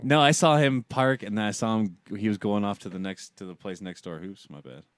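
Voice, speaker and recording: Smooth-voiced man, rambling chat. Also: on the low side, brisk, no room sound. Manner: rambling, relaxed, full of fillers. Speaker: podcast co-host. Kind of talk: casual chat.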